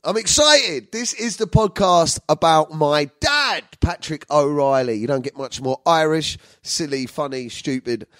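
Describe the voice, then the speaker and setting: A man hosting his own podcast, talking in a crude, loud, jokey way that keeps breaking into laughter and shouts. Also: a little high, unhurried, hardly any pauses, no echo. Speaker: podcast host. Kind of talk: comedic solo podcast chat.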